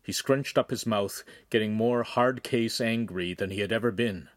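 Audiobook narrator, male, measured and even, dry booth sound. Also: fairly low pitch, dry recording.

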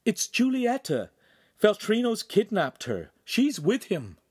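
A breathless, frightened young girl bursts in with urgent news, as a male reader puts her on. The voice sits well above his own and is pushed a little louder. It stays lively and rising throughout. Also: sits high, slow, slightly rough, dry recording, studio quality, pitched above the performer's own voice, full character voice.

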